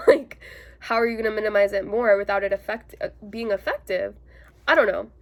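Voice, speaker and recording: A woman's voice: medium pitch, moderate pace. A woman casually telling a personal story to her viewers, chatty and full of "like" fillers, with an indignant edge. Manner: indignant retelling.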